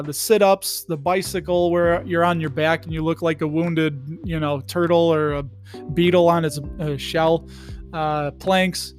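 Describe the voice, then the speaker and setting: A man hosting his own podcast from home, chatting casually in a goofy, rambling way. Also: fairly high pitch. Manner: goofy, rambling, slips into silly voices. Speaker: podcast host. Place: his home in the Chicago suburbs.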